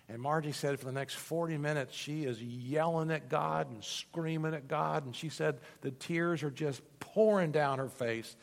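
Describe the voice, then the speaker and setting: A male pastor preaches to his congregation, telling stories and often tripping over his words in quick restarts. His voice sits at an ordinary middle pitch and rings out with a long reverb, as in a large church sanctuary. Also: gravelly. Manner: storytelling with frequent stammered restarts. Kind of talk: sermon.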